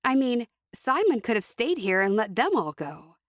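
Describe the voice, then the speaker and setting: A woman's voice: on the high side, very animated, moderate pace, no echo, studio quality, pitched above the performer's own voice. A woman voicing a peeved young Amish woman who answers in curt, sulky replies.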